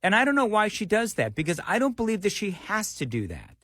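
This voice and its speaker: A man's slightly high voice swings widely in pitch as he hosts American talk radio, hammering his points with repeated phrases. The sound is close and dry. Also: brisk, dry recording. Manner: animated, emphatic, repeats phrases. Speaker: radio talk show host. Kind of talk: political talk radio commentary.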